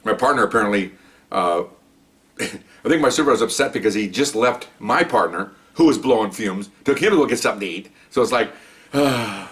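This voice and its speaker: A man who was once a police officer, telling a long story in a rambling, animated way and often checking in with "okay?". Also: on the low side, brisk. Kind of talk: casual spoken storytelling.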